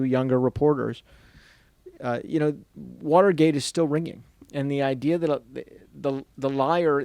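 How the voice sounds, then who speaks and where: A man speaking to an audience at a bookstore event, telling a story in a lively way and dropping to a hushed voice when he quotes people. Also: mid-range voice, vocal fry, no echo. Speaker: author giving a book talk. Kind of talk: storytelling book talk.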